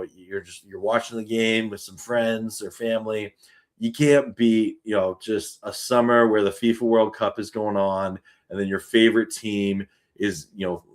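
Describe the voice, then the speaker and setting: A man with a Canadian accent hosting a live sports fan stream, chatting in an excitable, talkative way. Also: on the low side.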